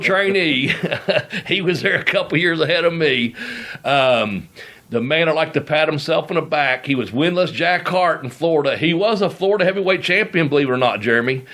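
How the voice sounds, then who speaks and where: A man's voice: fairly high pitch, fairly bright tone. Middle-aged man, podcast host, rambling storyteller, laughs and swears, casual chat. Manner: rambling, laughs often, swears while telling stories. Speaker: podcast host, former wrestler.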